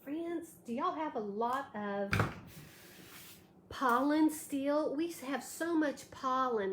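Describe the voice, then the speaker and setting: A woman's voice: sits high, slow pace. Chatty woman hosting a craft livestream. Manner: chatty, thanks viewers by name while demonstrating. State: a little tired, allergies. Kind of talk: live craft tutorial chatting with viewers. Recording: echoey room with faint background noise.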